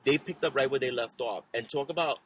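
A man co-hosting a podcast, chatting in an animated, gushing way about TV shows, rambling with restarts. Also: mid-range voice, fairly quick, a little hiss or hum, rough recording. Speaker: podcast co-host. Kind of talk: casual chat about TV shows.

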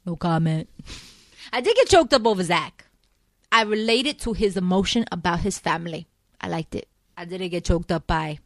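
A woman hosting a casual talk show, recapping soap opera episodes in an animated, chatty way full of fillers and laughs. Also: fairly low pitch, moderate pace, dry recording. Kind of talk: casual chat.

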